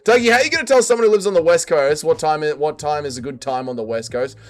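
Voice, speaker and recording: A young man casually chatting on a livestream and reading viewer comments aloud, jumping between loud quips and low mutters. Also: fast talker. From Australia. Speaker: streamer reading chat.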